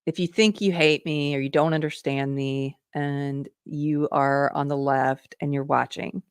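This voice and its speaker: A woman's voice: low voice, fairly even intonation, unhurried, clean tone, no room sound, studio quality. A middle-aged woman hosting a live commentary stream, earnestly putting rhetorical questions to her viewers. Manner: reads viewer comments aloud. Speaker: political commentary host.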